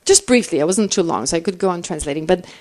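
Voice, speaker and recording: A middle-aged woman, a Buddhist teacher, answering questions in a teaching, thinking aloud with animated restarts. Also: fairly low pitch, quick pace.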